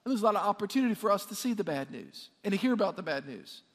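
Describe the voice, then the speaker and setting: Pastor, male, high voice, energetic preaching with call-and-response, long hall reverb. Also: very fast. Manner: energetic, repeats words, asks the congregation to respond. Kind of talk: sermon. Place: church sanctuary.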